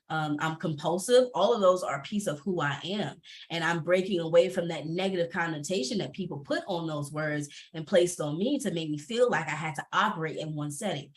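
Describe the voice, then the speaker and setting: Expressive woman on a panel. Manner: expressive, laughs often, pitch jumps when animated. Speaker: panelist entrepreneur. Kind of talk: candid panel conversation.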